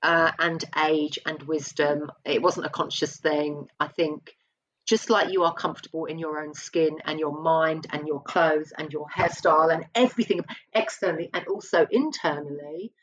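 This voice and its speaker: Husky low woman, open and reflective. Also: fairly even intonation, normal speed, highs cut off. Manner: open and reflective, often restarting sentences. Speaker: guest. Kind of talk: candid conversational interview.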